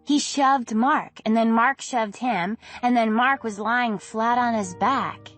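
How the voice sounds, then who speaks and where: A woman reading an audiobook, voicing a teenage girl's gossipy, teasing best friend in a chatty, bright manner. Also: on the high side, slow pace, soft background music.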